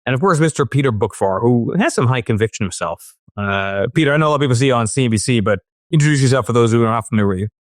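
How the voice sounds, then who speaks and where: A man's voice: mid-range voice, animated, rapid-fire, dry recording, clean studio sound. A man hosting a finance podcast, introducing his co-host and guest in a friendly, upbeat way with some fillers.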